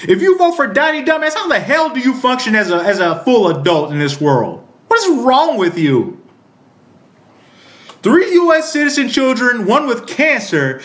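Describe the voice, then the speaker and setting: Furious, profane man ranting, high voice. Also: a bit bright, echoey room. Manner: reads news aloud with interjections. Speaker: political commentator. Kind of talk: angry political rant.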